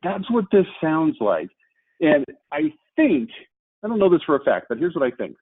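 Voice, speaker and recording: A man's voice: a little high, huge pitch swings, normal speed, vocal fry, slightly rough, dry recording. Emphatic man on a tinny line. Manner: emphatic, rhetorical questions, repeats key words. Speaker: marketing presenter. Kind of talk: webinar lecture. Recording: tinny phone-like line, dry.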